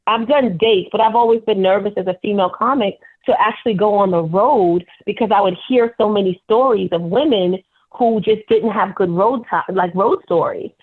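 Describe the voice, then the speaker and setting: Female stand-up guest on a phone line, candid storyteller, mid pitch. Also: moderate pace. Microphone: telephone.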